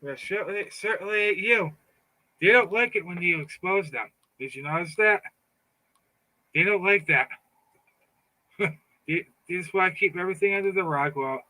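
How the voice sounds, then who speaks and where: Middle-aged guy ranting fired up, kinda high forceful voice, keeps repeating himself. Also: moderate pace, low-quality recording. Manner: fired-up, repeats words, taunting. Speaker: political commentator. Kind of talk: casual monologue.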